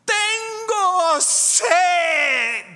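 A man's voice: very high-pitched, lively intonation, very slow, bright, forceful tone, voice pushed up, full character voice. A man acting out a demon-possessed woman who screams and howls in torment. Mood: shrieking. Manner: screaming, howling shrieks. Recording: long hall reverb.

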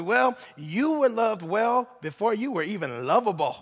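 Pastor, man in his thirties, very high voice, lively teasing sermon in a long-reverb church hall. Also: normal speed. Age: 30s. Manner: animated preacher, acts out dialogue with God, teasing asides.

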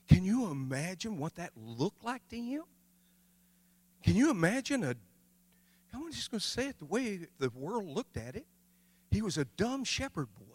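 A male missionary preaching a sermon, swinging from loud shouts to hushed, quiet passages. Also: high voice, in a large hall.

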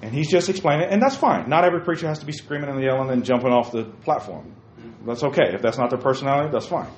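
A man hosting casual opinion talk, emphatic, swinging from quiet explaining to loud bursts. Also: medium pitch, expressive, fast, a little hiss or hum. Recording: roomy, dull lo-fi sound.

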